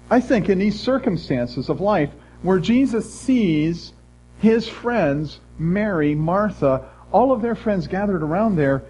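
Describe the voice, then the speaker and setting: A man's voice: high voice, slightly rough. Earnest male preacher, muffled sound. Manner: earnest, shifts between loud emphasis and hushed tones. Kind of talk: sermon.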